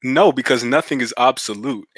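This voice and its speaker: A man calling into a debate stream, answering calmly and slowly with a sarcastic edge. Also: medium pitch, no echo. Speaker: caller. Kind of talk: call-in debate.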